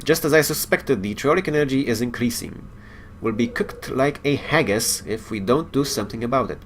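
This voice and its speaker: A man's voice: medium pitch, a little fast, slight background noise, voice pushed up, natural voice. A man reading out the lines of a friendly, worried male starship engineer from a game, with no accent. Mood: earnest. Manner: reads game dialogue aloud in a raised plain voice, no accent.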